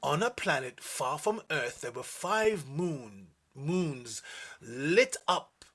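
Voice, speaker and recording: A young male storyteller reading his own children's story aloud, shouting out the characters' lines. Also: fairly high pitch, animated, takes it slowly, faint music behind.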